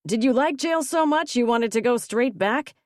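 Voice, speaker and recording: A woman doing a calm, deadpan sarcastic man. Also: on the high side, normal speed, no echo, clean studio sound, pitched above the performer's own voice, close to an everyday voice. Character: composed man, coolly sarcastic.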